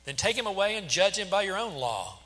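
This is an insistent Roman governor, put on by a man reading scripture aloud. His questions climb high and press hard. The voice is bright and sharp, with a long reverb trailing behind it. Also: very animated, brisk, heavily acted. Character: Roman governor Pilate, male, adult, exasperated and insistent.

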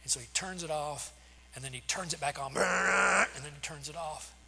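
Fast, sharp, and fairly high in pitch, a pastor in his sixties preaches a story-filled sermon marked by frequent restarts and fillers. The recording carries long hall reverb and a faint hum.

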